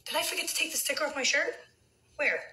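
Speaking fast in a high, pushed, bright voice, a brash reality TV personality curses out trolls while chatting with viewers on her phone livestream late at night. She swears freely. The recording is low quality.

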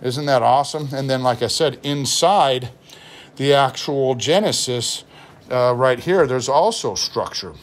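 A pastor showing a study Bible and explaining its notes in a relaxed, explanatory way, reading passages aloud as he goes. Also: medium pitch, a little slow. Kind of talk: Bible unboxing review.

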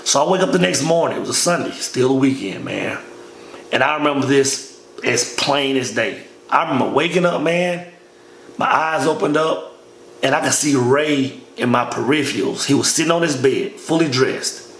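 Recounting army training, a man with a medium-pitched voice at a moderate pace tells a long, casual story full of slang. He calls the listener "man" again and again; the recording has echo and faint background noise.

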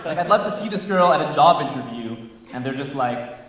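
A man's voice: on the high side, lively intonation, brisk, crowd noise. Young male stand-up, echoey far hall. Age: young adult. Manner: rambling, filler-heavy storytelling with acted-out quotes. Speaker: stand-up comedian. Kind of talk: stand-up comedy set. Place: campus showcase stage, with live audience.

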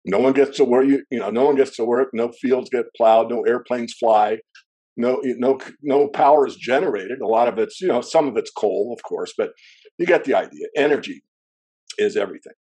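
A man as an interview guest, a metals analyst, explaining at length in a discursive way with frequent throat clearing. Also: mid-range voice, normal speed, warm tone. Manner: discursive, wanders into asides.

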